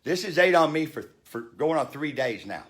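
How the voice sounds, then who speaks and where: Man in his fifties, blunt and profane, ranting with a lively, swinging voice in a fairly high register. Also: normal speed. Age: 50s. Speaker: vlogger. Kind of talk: heated storytelling rant.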